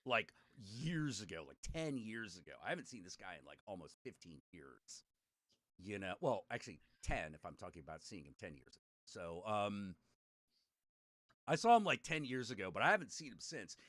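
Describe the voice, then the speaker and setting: A man's voice: lowish voice, big pitch swings, moderate pace, a bit bright, no echo. A middle-aged man, a podcast host, telling a rambling story in casual chat, swearing freely and laughing as he goes.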